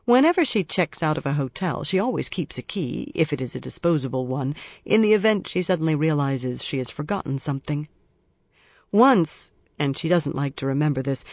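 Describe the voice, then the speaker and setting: An audiobook narrator reads a thriller in a steady, measured way. The voice sits at a middle pitch. The studio sound is dry and close, with no room echo.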